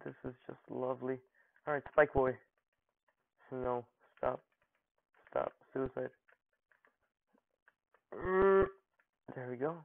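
A young man talks slowly and loosely over a fighting game, throwing out mock-grand taunts between jokes. His voice comes through narrow and phone-like, with no room sound at all. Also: medium pitch, little pitch movement, gravelly, dry recording. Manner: joking, mock-dramatic taunts at opponents. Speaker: gaming channel host. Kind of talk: casual gameplay commentary. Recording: dry, phone-like narrow audio.

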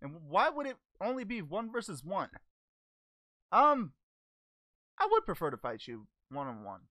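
A woman's voice: mid-range voice, wildly swooping pitch, unhurried, fairly bright tone, no echo, exaggerated voice. A woman voicing a cheerful, naive male alien martial-arts hero, hosting an in-character fan Q&A in a goofy, easily distracted way with lots of hesitant ums. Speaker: channel host answering fan questions.

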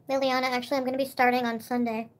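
Speaking fairly quickly with a flat delivery, a young woman rambles through a casual livestream, eating and laughing often. Her voice runs high, shifting between hushed remarks and bursts of giggles.

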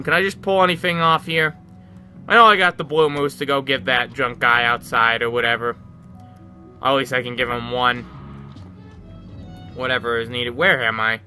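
A man's voice: medium pitch, bright, forceful tone. A man giving casual gameplay commentary, rambling and swearing freely. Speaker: let's play gamer.

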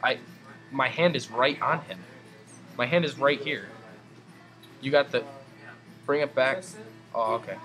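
A young man doing goofy gameplay commentary, muttering asides and then breaking into high excited yells. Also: a little slow, pauses often, faint music behind.

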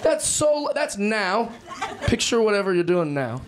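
A man's voice: high voice, big pitch swings, measured pace, a crowd in the background. A man in his thirties doing a stand-up routine, wry and self-deprecating, acting out little scenes. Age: 30s. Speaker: stand-up comedian. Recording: loud noisy live recording.

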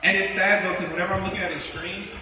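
A young man doing a stand-up comedy set, animated and laughing at his own jokes, a bit out of breath. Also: high-pitched, very fast. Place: convention hall. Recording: echoey hall, mic from far off, crowd noise.

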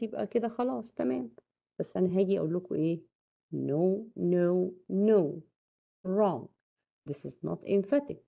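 An Egyptian woman teaches English in a recorded lecture, her voice carrying a gravelly fry as she quizzes her class. She slides between Arabic and English. The sound is thin and tinny, like it came over a phone line. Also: medium pitch.

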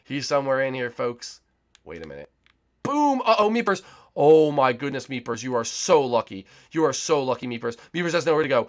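A young man giving excited, teasing play-by-play commentary on a multiplayer game round, talking to players and viewers. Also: mid-range voice, fairly quick. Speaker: gaming YouTuber.

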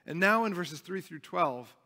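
A man's voice: high voice, animated, unhurried, pushed and bright. A young adult man preaching a sermon as pastor, earnest and emphatic, often restarting his phrases. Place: church sanctuary. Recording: long reverb of a church hall.

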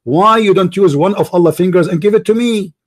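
A man with an Arabic accent, a native Arabic speaker, hosting a heated call-in debate. He talks loudly, mocks and badgers the caller in broken English. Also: high-pitched, a little fast. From Middle East. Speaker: host.

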